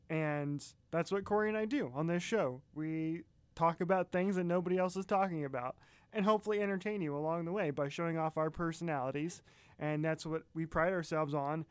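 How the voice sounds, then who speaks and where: A man's voice: fairly high pitch, clear, resonant tone, dry recording. A man co-hosting a casual podcast, chatting in a folksy way and speaking straight to his listeners. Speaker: podcast co-host. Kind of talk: casual chat.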